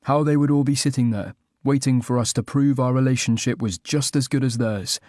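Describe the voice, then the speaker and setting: A man's voice: medium pitch, a little fast, darkish tone, no room sound, studio quality. A man narrating a first-person romantic comedy audiobook with a wry, self-mocking comic delivery.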